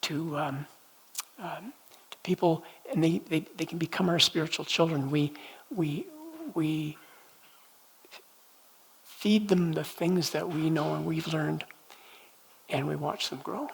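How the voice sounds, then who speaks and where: A man leading a church prophetic training night, telling personal stories in a gentle, conversational way with halting restarts. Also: on the high side, fairly even intonation, gravelly, breathy edge, rough recording. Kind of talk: teaching talk with personal storytelling. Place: church meeting room.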